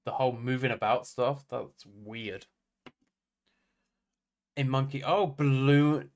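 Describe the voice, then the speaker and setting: A man's voice: medium pitch, takes it slowly, darkish tone. English man streaming, humming and chatting. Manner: hums idle tunes while playing, talks to chat casually. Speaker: game streamer. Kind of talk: casual live gameplay commentary, reading chat aloud.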